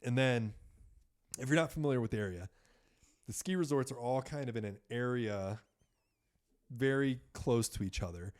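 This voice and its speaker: Animated man telling a story. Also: mid-range voice, moderate pace, long pauses. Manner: animated, many fillers, swears. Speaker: podcast guest. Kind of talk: casual storytelling.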